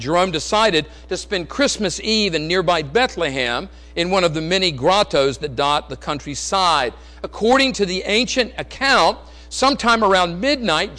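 A man preaching a sermon in an earnest, storytelling way, rising loud and dropping quiet. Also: fairly high pitch, low-quality recording. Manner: earnest, storytelling, swings between raised and hushed delivery.

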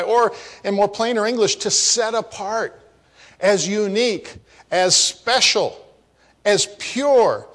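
A male pastor delivers a teaching sermon in a measured, unhurried way, leaning on repeated phrases to drive points home. His voice sits a little high for a man, and he breaks off for friendly explanatory asides. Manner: emphatic, repeats phrases for stress.

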